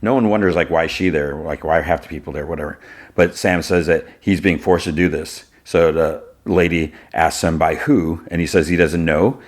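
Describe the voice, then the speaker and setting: A man's voice: sits low, steady tone, moderate pace. A man hosting a podcast, casually recapping an episode and thinking aloud as he retells the scenes. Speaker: podcast host.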